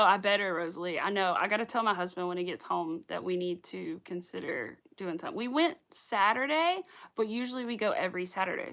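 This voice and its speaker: A young woman from the Southern US, speaking with a light Southern accent, hosts a crochet livestream full of casual chat with viewers. Her medium-pitched voice has vocal fry and a fairly bright tone, and she often rambles and laughs.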